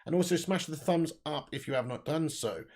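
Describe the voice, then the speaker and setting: A young man with a gravelly, slightly high voice chats through a football livestream. He talks bluntly and swears a lot, addresses his viewers directly and reads out comments from the live chat. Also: fairly quick, darkish tone. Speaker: football channel livestream host.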